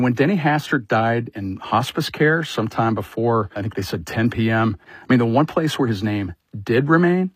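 A man's voice: medium pitch, husky, no room sound. A man, a politics editor, speaking conversationally in a radio interview with frequent fillers.

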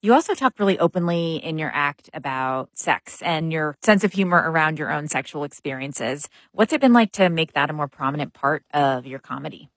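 A woman interview host asks smooth, measured questions and introduces guests. Her voice is low for a woman. The sound is dry and close to the mic. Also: lively intonation, dry recording, low-quality recording. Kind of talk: hosting an interview.

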